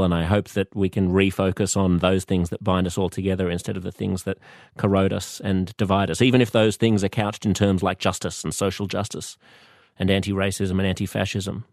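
A man with an Australian accent hosting a podcast, speaking in a thoughtful, measured monologue with pauses and restarts. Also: sits low, gravelly, a little mellow, no room sound, clean studio sound. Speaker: podcast host. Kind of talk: reflective monologue.

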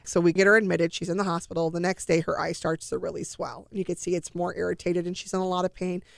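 A woman's voice: lowish voice, level tone, quick pace, creaky, no room sound. A woman in her forties, a mother earnestly recounting a family story as an interview guest, sighing often and acting out what each person said.

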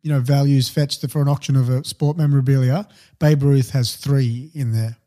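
Man, podcast co-host, mellow, dry, casual chat. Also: medium pitch, steady tone, normal speed.

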